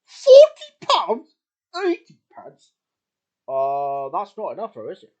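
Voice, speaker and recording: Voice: mid-range voice, animated, a little mellow. A performer voicing a friendly, hesitant male bear puppet in a homemade show. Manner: hesitant, slow on the uptake. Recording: slightly dull lo-fi sound.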